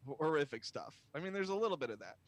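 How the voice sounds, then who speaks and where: A man's voice: on the high side, big pitch swings, fast talker, dry recording. A man co-hosting a comedy podcast, joking and laughing through casual chat. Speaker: podcast co-host.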